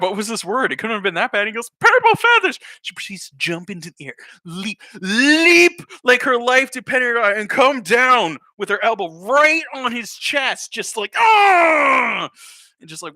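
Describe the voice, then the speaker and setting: Animated man telling a story. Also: sits high, no echo. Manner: animated, laughing, rambling asides. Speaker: YouTuber. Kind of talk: casual storytime.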